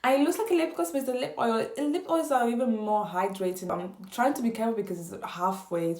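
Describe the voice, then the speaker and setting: A woman's voice: on the high side, fast talker, darkish tone, reverberant. Gushing woman reviewing beauty products. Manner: gushing, repeats words for emphasis. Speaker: beauty vlogger.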